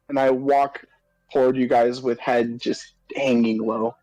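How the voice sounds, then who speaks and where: A man's voice: mid-range voice, little pitch movement, a little slow, a little mellow, dry recording, dull audio. A man playing a tabletop game, describing his character's actions in a rambling way with many fillers. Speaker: player.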